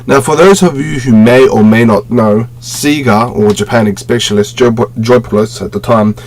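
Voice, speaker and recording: A man's voice: mid-range voice, moderate pace. A man casually reviewing a collectible on a webcam at home, rambling, with many fillers and self-corrections. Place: home room with display shelves.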